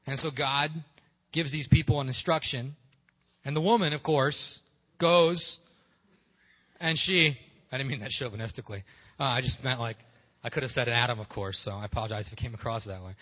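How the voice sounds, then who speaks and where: A male preacher gives a loose, joking sermon full of restarts and asides. His voice is bright with a husky edge and carries a long hall reverb on a dull, lo-fi recording. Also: medium pitch, steady tone, moderate pace, pauses often. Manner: casual, joking and irreverent, many restarts.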